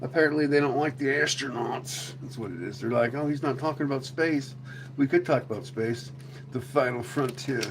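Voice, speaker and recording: A man's voice: medium pitch, moderate pace, background noise. A man hosting a casual livestream chat, rambling and joking, often slipping into silly voices. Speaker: livestream host.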